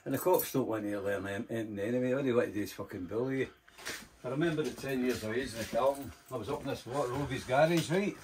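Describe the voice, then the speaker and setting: A man's voice: mid-range voice, quick pace, darkish tone, slight background noise. An older Scottish man telling rambling, profane stories in casual conversation, full of fillers and asides. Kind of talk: casual storytelling.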